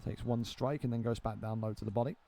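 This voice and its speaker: A young man giving live play-by-play commentary on a video game fight, excitable and swearing freely as he banters with friends. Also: mid-range voice, fast talker, vocal fry.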